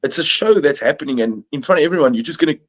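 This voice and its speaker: A man's voice: a little high, lively intonation, rapid-fire. Rambling man in casual podcast chat. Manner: rambling, lots of likes and restarts. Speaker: podcast panelist. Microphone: streamed video call.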